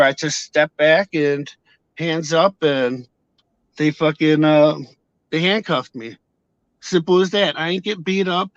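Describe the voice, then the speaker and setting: A man casually telling a story to his viewers on camera, heated and profane, acting out shouted exchanges. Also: a little high, dry recording, dull audio. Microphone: camera mic.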